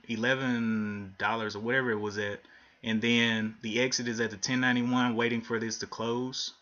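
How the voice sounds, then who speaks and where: A man's voice: mid-range voice, sharp tone, highs cut off. A man giving live commentary on his day trading, thinking aloud and frustrated as he watches the charts. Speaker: livestream day trader.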